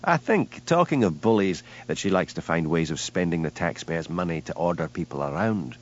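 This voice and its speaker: A man doing a lazy Highland bobby. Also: animated, muffled recording. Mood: dry. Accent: Scottish Highland. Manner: mild, unhurried, dry. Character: lazy, easygoing Highland village policeman.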